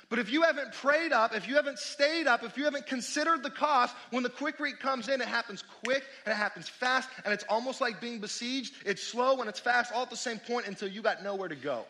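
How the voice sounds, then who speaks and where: A man preaches to his congregation in a high, bright voice. He swings from loud exclamations to quiet, hushed asides as he speaks. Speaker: pastor. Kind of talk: sermon.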